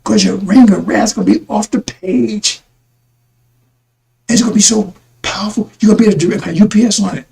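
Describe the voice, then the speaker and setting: A man's voice: high voice, fairly quick, vocal fry, mellow, low-quality recording. A man giving a rambling religious talk to his listeners, repeating himself and calling them brothers and sisters. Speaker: religious broadcaster.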